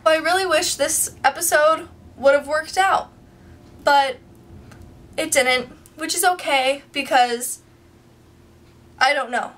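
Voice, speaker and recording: High, bright-voiced young woman ranting. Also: distant mic. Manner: frustrated, chatty ranting. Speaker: vlogger. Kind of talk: casual vlog rant.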